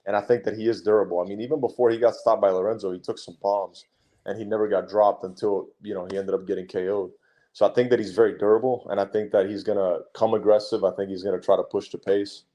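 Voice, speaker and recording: Blunt, profane fighter, low voice. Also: male voice, fairly even intonation, quick pace, dark tone. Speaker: guest fighter. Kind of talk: casual interview chat.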